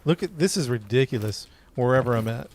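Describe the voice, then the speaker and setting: A man's voice: medium pitch, lively intonation, brisk, a little mellow. A man streaming a game live, commenting to his chat and venting frustration as he plays. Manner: frustrated, talks to chat while playing. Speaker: gaming streamer.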